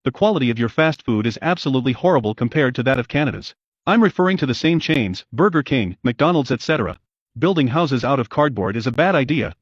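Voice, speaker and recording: Fast-talking male narrator, lo-fi. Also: medium pitch, expressive, no room sound. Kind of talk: reading posts aloud.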